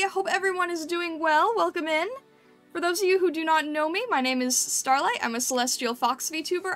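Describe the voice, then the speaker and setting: A woman's voice: extremely high pitch, fairly bright tone. A woman streamer chatting casually with her chat and thinking aloud while she paints over and critiques thumbnails.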